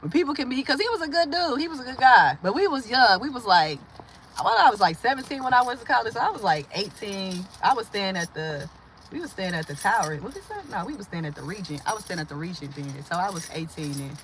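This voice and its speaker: A woman's voice: medium pitch, animated, fast, a bit bright, slight background noise. A woman from Milwaukee hosting a casual livestream, rambling through stories and viewer comments, laughing often and acting out the voices she quotes. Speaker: livestream host.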